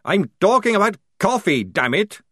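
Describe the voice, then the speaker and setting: A man's voice: sits high, very animated, moderate pace, fairly bright tone, dry recording, studio quality, voice pushed up, heavily acted. A man doing a jittery vampire soldier. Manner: nervous, complaining, drawn out. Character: jittery male vampire soldier craving coffee.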